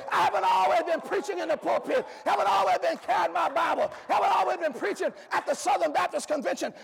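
A man preaching an impassioned sermon in a church, shouting each phrase in a rhythmic cadence with an "uh" before many lines. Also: very high voice, gravelly. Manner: repetitive call-style cadence. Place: church sanctuary with congregation. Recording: echoey hall with faint congregation.

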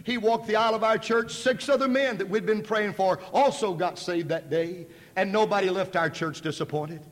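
A man's voice: high-pitched, moderate pace. A male pastor preaching a sermon, telling a personal story in a folksy, emphatic way at a school gathering. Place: large hall at a school. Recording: echoey hall.

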